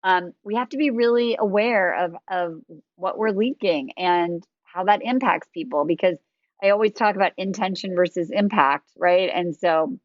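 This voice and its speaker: Female podcast host, chatty and animated, dry and a little dull on mic. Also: fairly low pitch, normal speed, no room sound. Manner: chatty, animated, many fillers. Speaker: dating coach and podcast host. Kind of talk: casual podcast chat.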